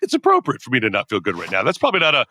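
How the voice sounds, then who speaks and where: A man's voice: medium pitch, huge pitch swings, rapid-fire, sharp tone, no echo. A middle-aged man, a podcast guest, telling stories energetically and acting out his own inner dialogue in a conversational interview.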